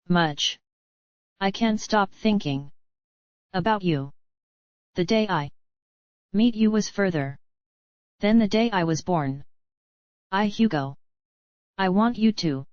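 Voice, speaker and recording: A woman reading a screenplay aloud in a flat manner, naming each speaker before the line. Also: medium pitch, takes it slowly, long pauses, no echo, muffled recording.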